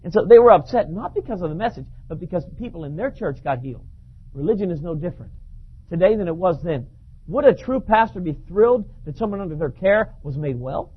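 A man preaching a sermon, telling a story in an animated way and often repeating words. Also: sits high, fairly quick, breathy edge. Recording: dull lo-fi recording.

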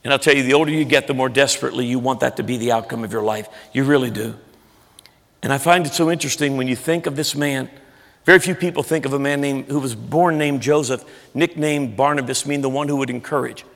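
A man pastor preaching a sermon in a church, earnest and emphatic, sometimes dropping soft. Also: mid-range voice, fast talker, creaky. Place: large church sanctuary. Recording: echoey church hall.

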